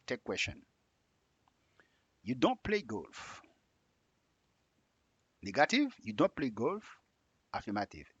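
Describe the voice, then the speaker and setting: A man leads a slow English lesson, stressing each example sentence carefully. His voice is a little husky and swings widely in pitch, rising sharply on each question tag. The recording is dry and close, with no room sound. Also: fairly bright tone, dry recording, highs cut off. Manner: drills example sentences with exaggerated rising tags. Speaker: English teacher. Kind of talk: slow spoken grammar lesson.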